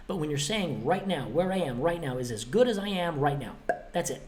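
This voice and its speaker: A man's voice: fairly high pitch, expressive, brisk, darkish tone. A man hosting his own motivational podcast, talking emphatically and bluntly, with a little cheek, and acting out both sides of imagined exchanges. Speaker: podcast host.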